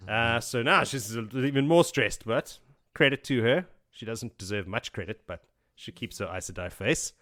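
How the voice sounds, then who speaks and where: A man hosting a podcast, retelling a book chapter in a casual, excitable way with swearing and laughs. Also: mid-range voice, moderate pace. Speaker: podcast host.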